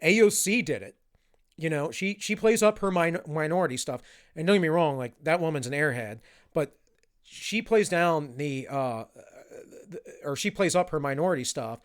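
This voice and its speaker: A man's voice: fairly high pitch, moderate pace. A man with a Southern US accent giving blunt, opinionated solo commentary. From Southern United States. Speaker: political commentator.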